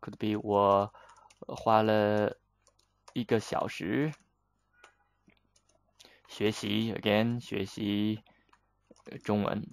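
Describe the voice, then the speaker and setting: A Chinese teacher from China explains vocabulary in a lesson, speaking slowly in a gravelly, lowish voice with a level tone. Unhurried and patient, he slips between English and Chinese and uses frequent fillers. The audio quality is poor.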